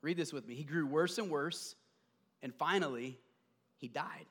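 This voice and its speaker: High bright-voiced preaching man. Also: normal speed. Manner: preaching with dramatic swings from hushed to loud; acts out quoted voices while retelling a story. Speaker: pastor. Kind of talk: sermon.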